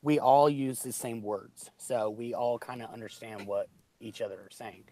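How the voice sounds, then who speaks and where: A man's voice: medium pitch, moderate pace, warm tone, no room sound. A man with a Southern American accent, chatting casually on a podcast and rambling through many ums and restarts. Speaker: podcast co-host. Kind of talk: casual chat.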